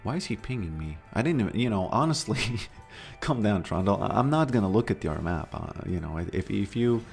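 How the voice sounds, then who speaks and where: With a fairly low, expressive voice and some vocal fry, this man talks at a moderate pace with hardly any pauses as faint music plays. He's a Latvian streamer with a Latvian accent, casually rambling with many fillers during a game.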